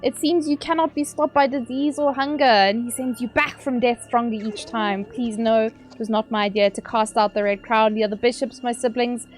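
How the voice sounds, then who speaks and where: A woman reading aloud a cowardly tentacled male bishop from a game, slow and pleading. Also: on the high side, steady tone, close to an everyday voice.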